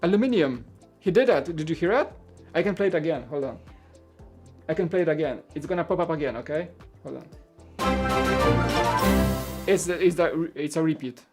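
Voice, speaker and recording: A man's voice: on the high side, normal speed, pauses often, over music. Chatty Polish-native man streaming live. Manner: rambling, stammers and repeats words; chuckles often while talking. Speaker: livestream host. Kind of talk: casual livestream chat while building.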